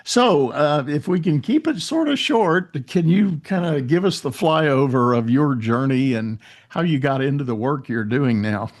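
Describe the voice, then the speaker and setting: A man hosting a podcast, introducing his guest in a friendly, relaxed way with a few fillers. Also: on the high side, unhurried, few pauses. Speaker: podcast host.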